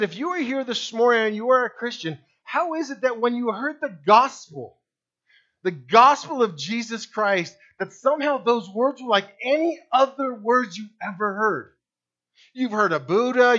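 High-voiced preaching man, lo-fi recording. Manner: dynamic preaching, swinging from loud emphasis to hushed low lines. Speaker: pastor. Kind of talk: sermon.

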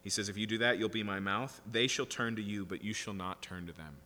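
Bright-voiced man preaching in a reverberant hall. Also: on the low side, brisk, a little hiss or hum. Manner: reads scripture aloud and paraphrases it conversationally, with frequent "right?" asides. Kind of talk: sermon, Bible teaching.

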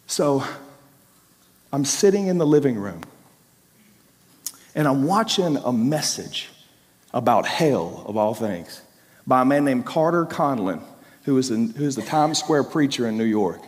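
A man giving a sermon testimony, telling his story emphatically with repeated phrases, rising to loud bursts and dropping to hushed, low passages. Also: lively intonation, a little slow, pauses often. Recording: long reverb of a large hall.

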